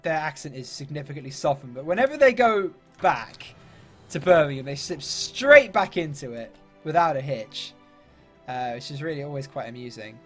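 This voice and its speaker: Chatty man, slightly high voice. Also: sing-song, normal speed, soft background music. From London, England. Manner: chatty, upbeat, British slang and mild swearing. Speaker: gaming YouTuber. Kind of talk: let's-play commentary.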